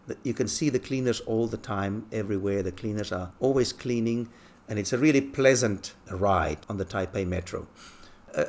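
A man from England who lives abroad, telling relaxed, chuckling anecdotes in a casual monologue. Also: on the low side. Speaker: expat talking about life abroad.

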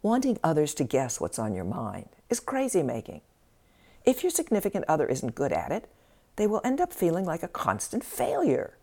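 A woman with a low, gravelly voice delivers a scripted self-help talk. Her delivery swings widely and expressively, with a wry edge. The tone is dark and mellow. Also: huge pitch swings, moderate pace.

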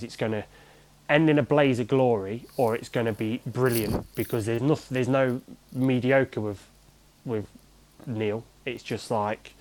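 A man's voice: medium pitch, darkish tone, poor audio. A man, a former goalkeeper, chatting as a guest in an interview and telling stories in a rambling, conversational way with many restarts. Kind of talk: casual storytelling in an interview.

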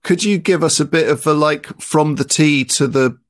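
A man's voice: on the high side, moderate pace. A man hosting a podcast, asking guests questions in a loose, conversational way. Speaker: podcast host. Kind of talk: interview questions.

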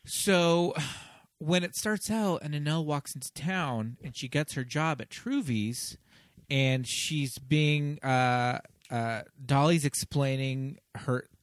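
A man hosting a podcast, chatting casually about a movie in an animated way and often hedging his points. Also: a little high, slow pace, no echo, studio quality.

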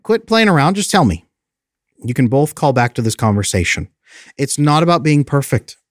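A man coaching viewers on friendship in an emphatic, lively way, often acting out the lines he quotes. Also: medium pitch, dry recording, studio quality. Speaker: attachment coach. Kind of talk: motivational talk to viewers.

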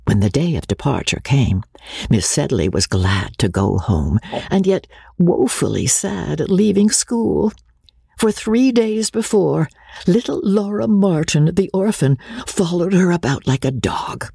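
A woman reading a classic novel aloud in an expressive, wry, theatrical manner. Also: fairly low pitch, measured pace, vocal fry, husky, no room sound, clean studio sound. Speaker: audiobook reader. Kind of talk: scripted audiobook narration.

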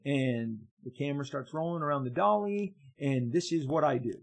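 A man, a comic book artist, telling an anecdote to his viewers in an excitable way, stumbling and repeating words as he goes. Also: mid-range voice, normal speed, rough recording. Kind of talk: casual storytelling to viewers.

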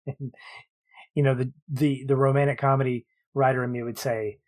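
A man's voice: mid-range voice, steady tone, measured pace. A man co-hosting a podcast, building his points about a film in long, thoughtful runs. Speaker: podcast co-host. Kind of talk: casual film discussion.

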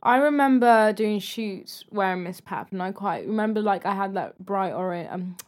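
Young woman chatting on a fashion podcast, emphatic and quick to jump in. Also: mid-range voice, animated. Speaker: podcast co-host. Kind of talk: casual chat.

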